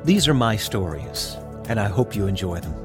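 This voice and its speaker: Lively-voiced middle-aged man telling a story. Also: on the low side, moderate pace, music in the background. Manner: reflective, wry, clearly articulated. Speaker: podcast host. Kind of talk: scripted storytelling narration.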